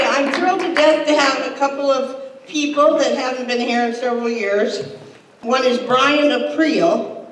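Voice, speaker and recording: Older woman doing deadpan stand-up. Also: high-pitched. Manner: deadpan one-liners with quoted voices. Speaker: comedy club host. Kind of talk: stand-up comedy. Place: hall with a laughing audience. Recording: echoey hall, distant mic, crowd laughter.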